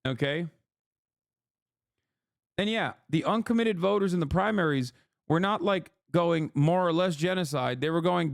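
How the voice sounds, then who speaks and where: A man's voice: a little high, normal speed, gravelly, no room sound, studio quality. A political streamer, a man, delivering heated, profane live-stream commentary.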